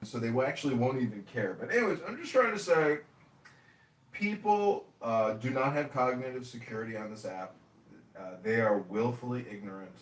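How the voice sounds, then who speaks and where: A man's voice: mid-range voice, moderate pace. Guy rambling stories, swears a lot, kinda far from the mic in an echoey room, bit of hiss. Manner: animated, acts out quoted voices, profane. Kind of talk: casual rambling storytelling. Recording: echoey room, distant from mic, faint noise.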